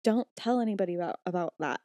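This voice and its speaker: A woman's voice: fairly low pitch, lively intonation, quick pace, dark tone, no echo, studio quality, voice pushed down, close to an everyday voice. A woman playing a cocky, glib teenage boy who coaxes his way out of trouble. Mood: coaxing.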